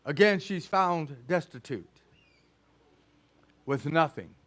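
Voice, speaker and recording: A pastor with a high voice tells a long story from the pulpit. He speaks each character's lines in turn, loud in one moment and soft the next. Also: animated, slow. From Texas. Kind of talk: sermon storytelling.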